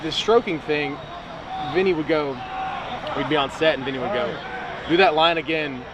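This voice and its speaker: A man, an actor guest, telling animated stories in a casual interview, acting out what others said to him. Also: a little high, moderate pace. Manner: animated storyteller, acts out quotes. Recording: outdoor interview with clear street noise.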